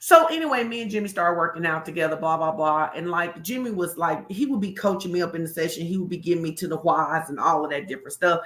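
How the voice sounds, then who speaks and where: A woman pastor giving a lively, colloquial sermon-style talk, speaking straight to her listeners. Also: lowish voice, fast talker, few pauses, reverberant. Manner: animated, colloquial, addresses the crowd directly.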